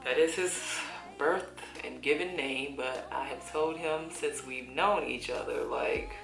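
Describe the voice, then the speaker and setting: A woman's voice: extremely low pitch, unhurried, gravelly. A woman in her thirties chatting casually while doing her makeup, laughing often and using folksy slang. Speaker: beauty vlogger. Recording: echoey room with faint music.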